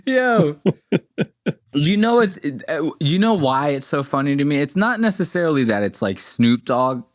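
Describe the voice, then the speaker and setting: A man co-hosting a podcast in casual chat, laughing often and doing quick voiced impressions of people from clips. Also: a little high. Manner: laughing, animated, profane storytelling with voiced impressions. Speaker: podcast co-host.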